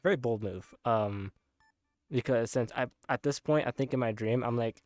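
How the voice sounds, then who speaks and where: A man's voice: medium pitch, normal speed, a little mellow, no room sound. A young man casually retelling a dream, rambling with many filler words and frequent laughs. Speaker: content creator.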